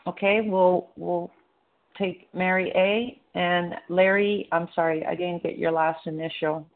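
A woman with a somewhat low voice politely guides the meeting and calls on speakers. The sound is thin and phone-like. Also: fairly even intonation, measured pace. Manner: polite, facilitating. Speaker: meeting chair. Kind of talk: chairing a meeting. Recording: tinny phone-line audio.

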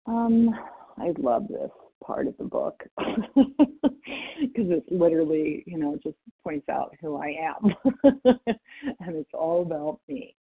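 Over phone-quality call audio, a woman from North Idaho gives a personal share in a recovery meeting. Her low, husky voice has lively intonation, and she speaks slowly with long pauses, candidly laughing at herself and quoting others.

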